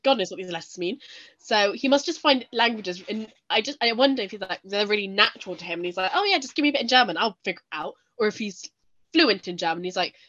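A woman from the UK co-hosting a podcast, chatting in a lively, jokey way and acting out quoted voices. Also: mid-range voice, quick pace, muffled recording. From United Kingdom. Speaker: podcast co-host. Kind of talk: casual chat.

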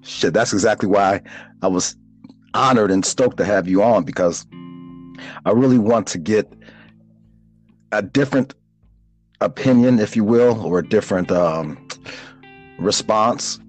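A man's voice: lowish voice, a little slow, pauses often, a little mellow, soft background music, poor audio. A man hosting a podcast in a laid-back, joking way, repeating his phrases and laughing often. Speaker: podcast host. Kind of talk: casual podcast chat.

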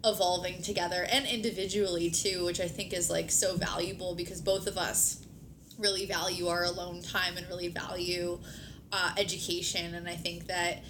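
In a noisy recording with a low rumble, a woman hosting a podcast chats with her partner at a moderate pace. There's little movement in her pitch, and she fills her talk with "like," swearing now and again.

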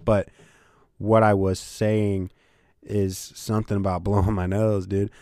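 A man's voice: fairly low pitch, level tone, measured pace, a little mellow, no echo, clean studio sound. Playful young man hosting a podcast. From Ohio, United States. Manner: playful, joking, teasing. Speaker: podcast host. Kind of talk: casual podcast chat. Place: home, under blankets.

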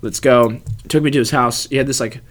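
A man's voice: medium pitch, steady tone, quick pace, a bit bright. Young man, casual storytelling, laid-back, lots of fillers and swearing.

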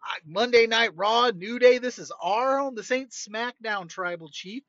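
A man's voice: extremely high pitch, unhurried, a bit bright, dry recording, lo-fi sound, pitched above the performer's own voice. A man putting on a cocky male wrestler boasting about his home turf. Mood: boastful.

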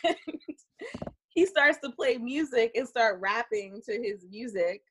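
A young woman casually telling a dating story, animated and profane, laughing often. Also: on the high side, unhurried, slight background noise.

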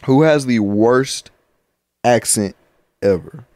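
A man's voice: mid-range voice, slow, no room sound. A man co-hosting a podcast, talking in loose, profane, joking banter. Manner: loud, joking, profane, animated. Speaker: podcast co-host.

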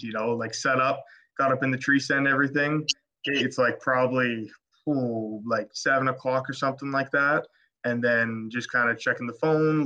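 Excitable man telling a hunting story. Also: medium pitch. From Alberta, Canada. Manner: excitable, rambling with restarts. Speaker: podcast guest, taxidermist. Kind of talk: casual storytelling. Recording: dull lo-fi podcast audio.

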